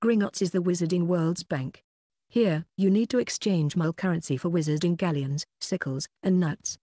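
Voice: mid-range voice, moderate pace, mellow, no echo, studio quality, close to an everyday voice. An audiobook narrator voicing a friendly, enthusiastic old male wizard who explains things. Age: older. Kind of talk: audiobook character voice.

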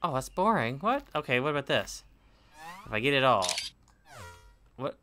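A man playing through a game while commenting, chatty and excitable, yelping and laughing when things surprise him. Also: mid-range voice, moderate pace, background noise. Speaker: gamer. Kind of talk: let's play commentary.

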